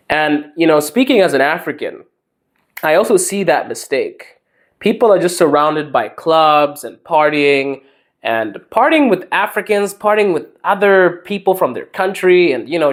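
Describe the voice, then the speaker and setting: Male podcast host, slightly high, very animated pitch, emphatic and preachy. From Zimbabwe. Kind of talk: advice monologue.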